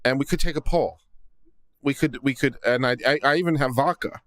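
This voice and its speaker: A man's voice: medium pitch, brisk, fairly bright tone, no room sound. Man hosting a dry-sounding livestream. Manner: reads comments aloud, then gives legal commentary. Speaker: host of a law commentary livestream. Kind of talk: casual livestream reading viewer comments. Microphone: studio condenser mic.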